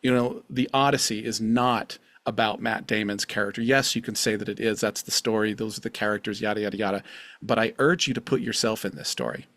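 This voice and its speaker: A man's voice: lowish voice, fairly even intonation, fairly quick, fairly bright tone, no room sound. A middle-aged man hosting a solo podcast, talking in an earnest, confessional way and often repeating his phrases. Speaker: podcast host. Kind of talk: reflective solo podcast monologue.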